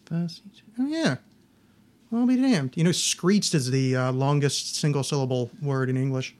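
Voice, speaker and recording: A man's voice: mid-range voice, moderate pace, darkish tone. A man hosting a casual comedy podcast in a studio, joking, self-deprecating and stumbling over long words. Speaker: podcast host. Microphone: studio microphone.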